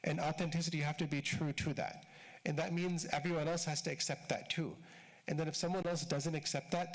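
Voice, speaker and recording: A man giving a conversational religious lecture at a mosque, explaining in short repeated phrases with casual fillers. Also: fairly high pitch. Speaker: shaykh giving a mosque talk.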